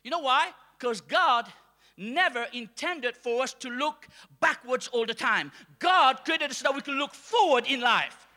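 A man from Mauritius preaching a sermon to a congregation, calling for responses and rising to shouts. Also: very high voice, lively intonation, unhurried. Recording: long hall reverb.

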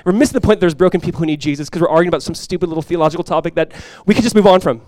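A man preaching a sermon as pastor, telling stories with lively energy, then dropping quiet and slow to press a point. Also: fairly high pitch, no echo, studio quality. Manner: animated storytelling, drops quiet and slow for emphasis; conversational, many fillers like "like" and "you guys".

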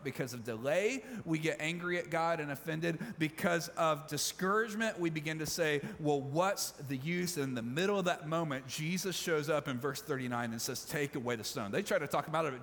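A pastor builds his sermon through repeated phrases and deliberate pauses. His voice sits fairly high for a man. It carries a long reverb from a large church hall. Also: fairly bright tone. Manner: emphatic, repetitive preaching with dramatic pauses. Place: church sanctuary.

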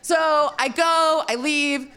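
A woman telling a personal story, animated and self-mocking, swearing freely and filling her talk with "like". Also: a little high, moderate pace. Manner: animated, swearing, heavy filler "like"; self-mocking, frequent laughter.

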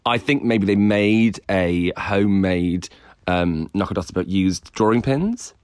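A man's voice: sits low, a little slow, a little mellow, smooth, no echo, clean studio sound. A man co-hosting a casual podcast chat, rambling with restarts and laughing easily. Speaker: podcast co-host.

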